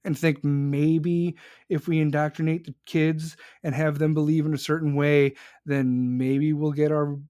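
A young man, his voice a bit higher than most, delivers a heated, profanity-laced rant as a show host. The sound is close and dry, with no room around it. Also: little pitch movement, measured pace, mellow, clean tone, dry recording. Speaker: podcast host. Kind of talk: angry political rant.

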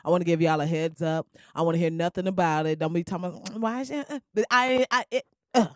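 This woman hosts a casual comedic podcast monologue, loud, laughing, slangy and animated. Her voice is lowish and quick. The studio-quality sound has no echo, though her podcast mic crackles.

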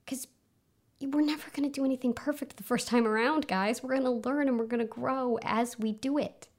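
This podcast host has a high-sitting voice with fairly even intonation and a fairly quick delivery. Alone at home, she chats casually, pokes fun at herself, and uses plenty of fillers while planes fly overhead on the flight path above.

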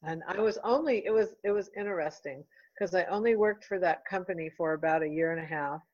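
A middle-aged woman, a real estate broker, talking in an earnest, heartfelt and halting way as an interview guest. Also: on the low side, a little mellow, no echo, muffled recording. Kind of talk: casual interview chat.

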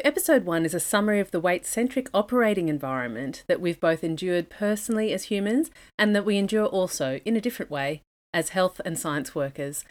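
A woman gives a scripted podcast lesson in a slightly low voice. She is measured and methodical and works through her points one list item at a time, like a professional educator. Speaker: dietitian and podcast host.

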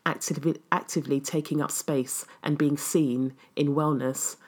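A woman's voice: deep voice, fairly even intonation, moderate pace, slightly rough. A woman wellness coach answering viewer questions in a casual, reflective and earnest way, with frequent ums. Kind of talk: casual live Q&A.

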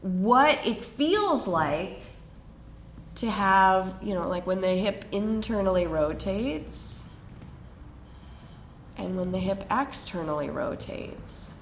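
A woman leads a yin yoga class and gives soothing cues. She speaks very slowly, at a mid pitch. Her voice rings in a roomy space over a faint background hum. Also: lively intonation. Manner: slow, soothing spoken cues. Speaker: yoga teacher. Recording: roomy echo with faint ambience.

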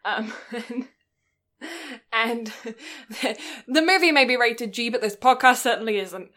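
Giggly, bright-voiced woman podcaster. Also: a little high, unhurried. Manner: giggly, rambling, swears freely. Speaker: podcast co-host. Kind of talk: casual chat recapping a film.

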